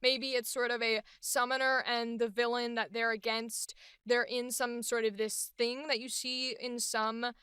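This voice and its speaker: A young adult woman hosting a casual voice acting vlog, talking in an animated, enthusiastic way. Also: a little high, a little slow, clean tone, dry recording, clean studio sound. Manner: animated, enthusiastic, filler-heavy talk. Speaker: voice actor and host.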